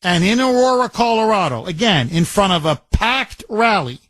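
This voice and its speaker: A man's voice: sits high, lively intonation, normal speed, a bit bright, dry recording. A man hosting a talk radio show, delivering an emphatic, combative opinion monologue and repeating words for force. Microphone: studio microphone.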